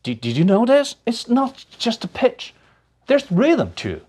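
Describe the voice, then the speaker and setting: A man whose first language is Chinese, teaching a music lesson and speaking slowly and deliberately, with sung and hummed examples. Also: extremely high pitch, huge pitch swings, darkish tone. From China. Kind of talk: talking-head music lesson.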